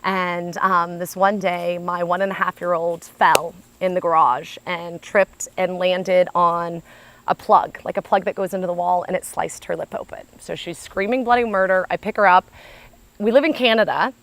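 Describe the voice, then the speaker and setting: An American woman from the United States, a speaker telling a personal story in an animated, chatty way, often saying "like". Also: on the low side, moderate pace.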